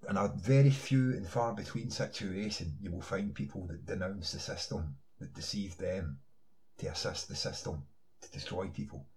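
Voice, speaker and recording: Deep-voiced man ranting. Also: moderate pace, a little mellow, rough recording. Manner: insistent, rhetorical questions, many "you know" fillers. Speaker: online commentator. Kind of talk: ranting monologue to camera.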